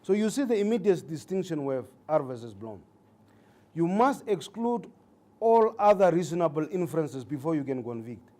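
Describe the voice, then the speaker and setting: A man, a judge, giving a legal training lecture to trainee judges, deliberate and repeating key points for emphasis, with some hesitant fillers. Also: on the high side, very animated, mellow.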